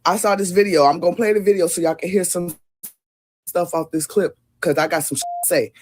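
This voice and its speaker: A man's voice: high voice, fairly even intonation, brisk. A man hosting casual commentary, blunt and slangy as he reacts to a clip. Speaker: commentary host.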